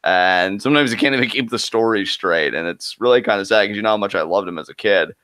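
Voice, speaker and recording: A man's voice: fairly low pitch, fast talker, a bit bright, no echo. A man co-hosting a live wrestling reaction stream, giving casual, joking play-by-play commentary.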